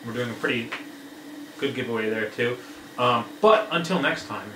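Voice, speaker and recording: A man co-hosting a survival gear video, trading deadpan one-liners in casual banter. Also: mid-range voice, moderate pace, recorded from a distance. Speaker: co-host of a survival gear channel. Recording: roomy echo with faint noise.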